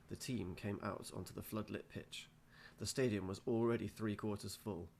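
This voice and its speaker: Gravelly man reading a storybook. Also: lowish voice, fairly even intonation, normal speed, a little mellow. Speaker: teacher reading aloud. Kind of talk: storybook read-aloud.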